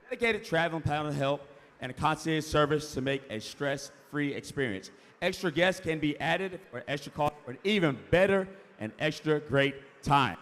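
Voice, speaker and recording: High-voiced man calling a charity auction. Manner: energetic, hypes the crowd, repeats bids rapidly. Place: large event hall. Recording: reverberant hall from a PA.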